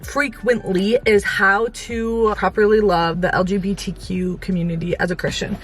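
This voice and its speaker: Young woman, bright tone, fired up and emphatic in faith chat. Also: medium pitch. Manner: passionate, frustrated, emphatic.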